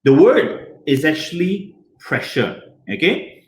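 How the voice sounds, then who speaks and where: A man leads a hands-on science lesson for kids, his fairly high voice bouncing up and down as he keeps throwing questions at the children. He sounds roomy, with plenty of echo around him. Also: sing-song, takes it slowly.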